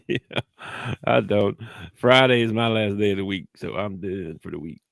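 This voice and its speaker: A man co-hosting a sports podcast in casual chat, with a slightly rough, gravelly voice and an easy laugh. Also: fairly low pitch, normal speed, a bit bright, no room sound, studio quality. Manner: laid-back, laughs often. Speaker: podcast co-host.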